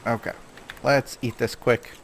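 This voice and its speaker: A man's voice: medium pitch, steady tone, a little slow, creaky, a little hiss or hum. A man casually commenting on his own gameplay, chatting to himself and scolding the animals in the game.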